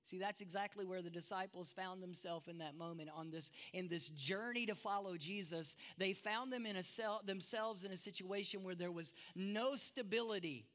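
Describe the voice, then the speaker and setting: A man's voice: sits high, moderate pace, few pauses, fairly bright tone. A man preaching a sermon as pastor, emphatic, with self-deprecating asides, in a church sanctuary. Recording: long reverb of a large hall.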